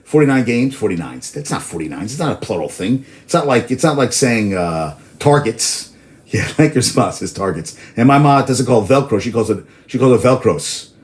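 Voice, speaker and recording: Casual male sports-talk host, mid-pitched, loose and tangent-prone, swears freely. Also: expressive, moderate pace. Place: outdoors in New York.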